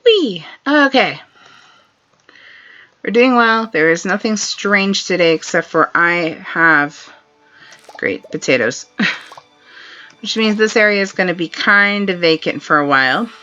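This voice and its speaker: A woman plays a game on a live stream, chatting in a relaxed way and laughing often as she goes. Her voice is lowish and unhurried, over dull lo-fi stream audio with faint game music behind her.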